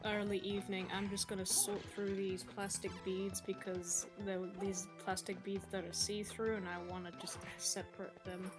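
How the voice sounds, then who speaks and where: A woman's voice: mid-range voice, level tone, normal speed, hardly any pauses, over music. A woman in a casual voice chat, giggly and playful, swearing freely.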